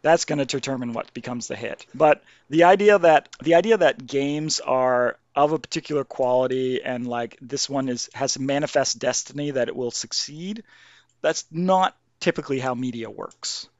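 A man's voice: medium pitch, moderate pace, no echo. A man, a game developer guest, talking thoughtfully in a casual podcast conversation and often restarting his sentences. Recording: dull lo-fi dry sound.

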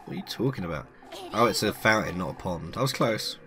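A man's voice: low voice, animated, fast, bright, forceful tone, soft background music. A man hosting a let's play, chatting casually and joking as he plays. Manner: chatty, joking, reads game text aloud. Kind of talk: casual gameplay commentary.

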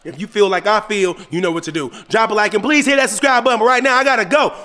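Loud playful dad vlogger, high voice. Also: male voice, fast. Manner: loud, playful, dramatic pleading. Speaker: family vlogger. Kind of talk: casual family vlog.

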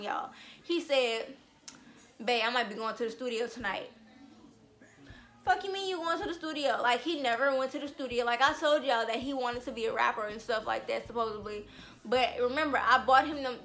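A young woman telling a storytime vlog, animated and blunt, swearing freely. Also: high-pitched. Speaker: vlogger.

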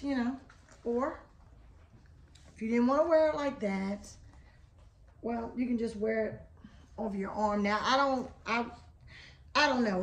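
A chatty woman unpacks her haul and talks right to her viewers. Her voice sits a bit high and sounds a little hoarse, as she is losing it today. There is a faint hiss of noise behind her. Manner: chatty, keeps addressing viewers as y'all. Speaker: haul vlog host. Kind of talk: casual product haul chat.

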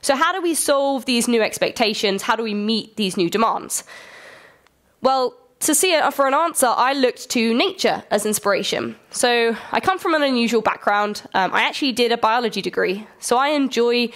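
A woman's voice: a little high, lively intonation, moderate pace, fairly bright tone. Nasal-voiced woman giving a tech talk. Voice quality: nasal from a cold. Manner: friendly, lightly joking. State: has a cold. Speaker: conference speaker. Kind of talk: conference presentation. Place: conference hall.

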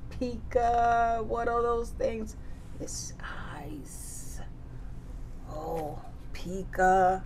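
A woman's voice: medium pitch, a little hiss or hum. A woman teaching circle time to young children, singing nursery songs and reading a picture book with playful animal sounds. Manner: playful, sing-song, animal sounds and big exclamations.

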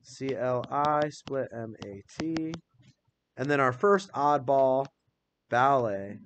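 A man's voice: mid-range voice, animated, takes it slowly, a bit bright, slight background noise. A male teacher leading a classroom phonics lesson, patiently spelling words out letter by letter and quizzing students by name.

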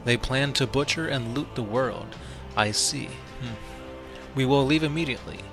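A man's voice: medium pitch, normal speed, creaky, music in the background, close to an everyday voice. A man reading the part of a stern, commanding chapter master who gives curt orders.

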